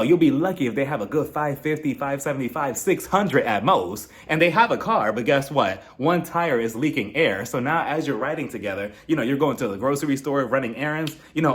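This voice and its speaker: A man hosting his own channel, giving a casual, jokey recap of a reality show episode. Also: medium pitch. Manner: animated, jokey, mimics cast members. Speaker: reality TV review YouTuber.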